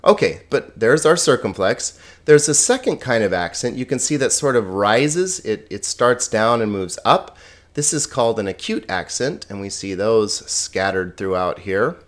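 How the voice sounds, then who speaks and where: Relaxed man teaching a language lesson. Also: fairly low pitch, normal speed. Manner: relaxed, plain explanations with small asides. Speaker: Greek teacher. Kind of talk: recorded lesson explaining slides.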